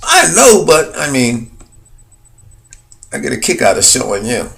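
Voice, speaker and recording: A man excitedly pointing out hidden faces in pictures to his viewers, rambling with many fillers and repeats. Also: mid-range voice, measured pace, vocal fry. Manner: addresses viewers as "people". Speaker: video host. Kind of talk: excited conspiracy commentary over images.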